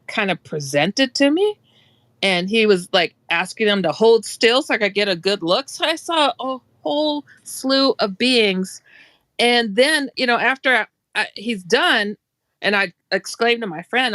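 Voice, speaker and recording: Woman host, lively storyteller, bright voice, dry close sound, laughs a lot. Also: measured pace, no room sound. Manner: animated, laughs often, acts out quotes with rising pitch. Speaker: show host telling a personal story. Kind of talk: casual storytelling on a talk stream.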